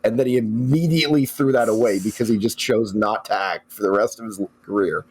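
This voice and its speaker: A man's voice: on the low side, fairly quick. A man co-hosting a podcast, giving wry opinions in a laid-back way. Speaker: podcast co-host. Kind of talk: casual podcast chat.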